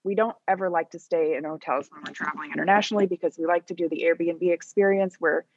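A woman's voice: lowish voice, fairly even intonation, fast, dry recording. Woman on a dull dry recording. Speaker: guest. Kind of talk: casual chat.

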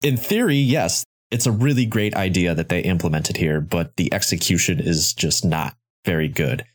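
Low-voiced man bluntly criticizing. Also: normal speed. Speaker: podcast co-host. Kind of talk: casual game discussion.

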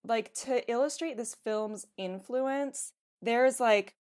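A woman's voice: on the high side, slow pace, a little mellow. A woman co-hosting a podcast, telling a story from her research in a casual, chatty way, full of "like" fillers. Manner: chatty, filler-heavy with frequent "like". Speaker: podcast co-host presenting research. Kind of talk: casual chat.

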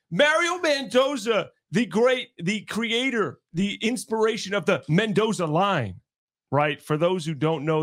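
A man co-hosts a sports talk podcast, ranting with sarcasm and animation. His voice sits high. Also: a bit bright.

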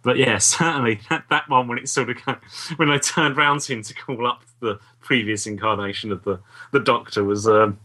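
A man co-hosting a podcast, chatting in a relaxed, rambling way. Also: medium pitch, normal speed. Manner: relaxed, agreeable, rambling sentences. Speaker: podcast co-host. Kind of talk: casual chat.

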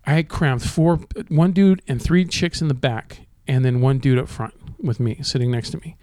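A man's voice: medium pitch, normal speed, darkish tone, dry recording, clean studio sound. A man in casual podcast chat, telling rideshare driving stories with lots of swearing and laughter. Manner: profane, laughing storyteller.

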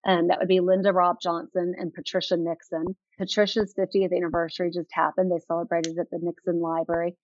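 A woman's voice: fairly low pitch, flat delivery, fairly quick, hardly any pauses, darkish tone, dry recording. A woman guest in an interview telling enthusiastic stories with frequent fillers. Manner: enthusiastic, anecdotal, many fillers. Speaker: author guest. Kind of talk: interview storytelling. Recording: dull lo-fi sound.

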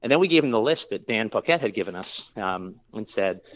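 Male brewer, casual interview guest, low voice, rambling with fillers, slightly muffled recording. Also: expressive, brisk. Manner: rambling, with many fillers and restarts.

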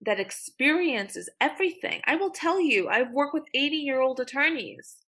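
A woman's voice: sits high, expressive, moderate pace, fairly bright tone. A young woman attorney speaking as a guest in a podcast interview, blunt and emphatic, swearing freely. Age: young adult.

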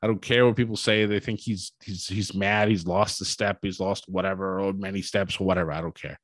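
Low-voiced man recapping wrestling, animated. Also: fairly quick, no echo. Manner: animated storytelling, acts out quotes. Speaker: wrestling show reviewer. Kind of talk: casual recap commentary.

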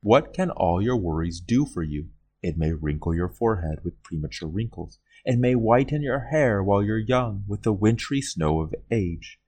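A man's voice: fairly low pitch, expressive, moderate pace, darkish tone, husky. A man reading aloud an old sermon in an earnest style, with rising and falling emphasis. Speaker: reader of a historic sermon.

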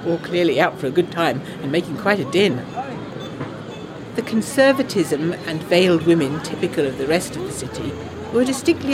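A woman narrating a letter in an audio drama, eager and gossipy with quick asides. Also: lowish voice, background noise. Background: jazz music.

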